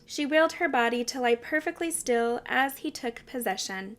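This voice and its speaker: A woman narrating a biography chapter aloud in a steady, clear reading voice. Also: on the high side, normal speed, hardly any pauses. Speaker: reader of a family biography. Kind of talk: storybook narration.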